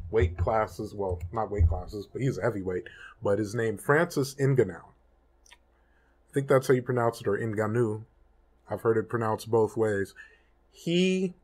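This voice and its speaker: A man hosting his own channel, talking casually straight to the camera in a rambling, self-correcting reaction commentary that turns emphatic. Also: lowish voice. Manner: gets heated and emphatic, swears. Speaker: channel host.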